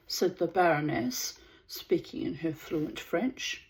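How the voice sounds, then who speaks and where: A woman reading a story aloud in a measured way, lingering over words. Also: on the low side, lively intonation, poor audio. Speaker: reader of a story.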